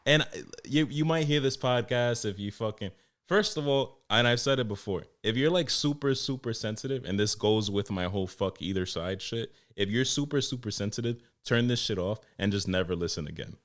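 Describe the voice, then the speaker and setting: A young man, hosting a podcast and ranting in a profane, animated way, acting out his customers. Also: medium pitch, brisk. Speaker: podcast host and barber. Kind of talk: casual solo podcast rant.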